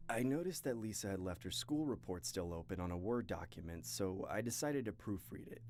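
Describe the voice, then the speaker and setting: Low, dark-voiced man narrating horror stories. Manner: steady first-person storytelling. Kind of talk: reading scary stories with asides. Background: faint music.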